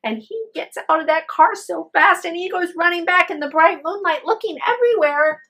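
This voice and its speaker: A woman's voice: very high voice, normal speed, pushed and bright. A woman telling a spoken ghost story with drama, acting out the voices of her characters.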